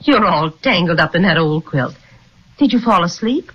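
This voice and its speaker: A woman's voice: lowish voice, expressive, normal speed, breathy edge. An actress playing a caring mother in an old radio drama, fussing and concerned. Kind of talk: 1930s radio acting. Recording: dull lo-fi old radio recording.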